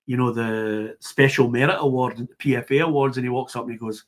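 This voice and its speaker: A middle-aged Scottish man, a football broadcaster, chatting as a guest in a podcast interview and telling lively stories, acting out the players he quotes. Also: mid-range voice, a little fast. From Scotland. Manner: lively storyteller who acts out the players he quotes. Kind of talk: casual interview chat.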